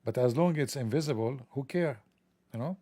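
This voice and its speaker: A man's voice: mid-range voice, a little fast, warm tone, no echo. A man delivering a sarcastic, mocking satirical monologue.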